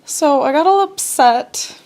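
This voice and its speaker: A woman's voice: sits high, lively intonation, slow, darkish tone. A young woman telling a casual personal story to camera, rambling and full of fillers. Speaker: vlogger.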